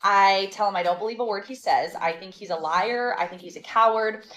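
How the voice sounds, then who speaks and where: A woman telling a storytime in a casual, animated and sassy way, exasperated and laughing between lines. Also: mid-range voice, a little fast, rough recording.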